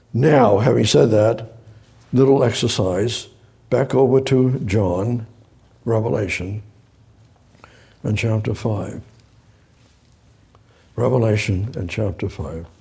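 A man's voice: mid-range voice, creaky, mellow, slightly rough. A man preaching a sermon, reading scripture aloud and breaking off to explain it, repeating phrases and rising to emphatic exhortation.

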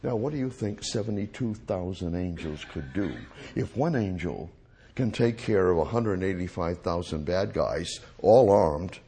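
Slow, gravelly-voiced man teaching scripture. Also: low-pitched, animated, mellow, a little hiss or hum. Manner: repeats phrases and restates verses in plain words. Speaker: Bible teacher. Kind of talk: verse-by-verse Bible teaching.

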